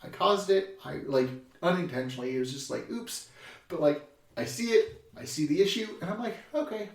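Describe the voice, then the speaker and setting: A young man hosts a casual podcast conversation, an animated storyteller who acts out quotes loudly and laughs often. His voice sits on the high side and he talks fairly quickly. The room is echoey, with the mic at a distance.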